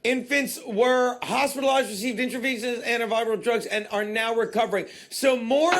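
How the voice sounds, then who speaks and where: A man's voice: very high-pitched, a bit bright. A male podcast host in casual comedic banter, laughing in disbelief as he reads a news article aloud.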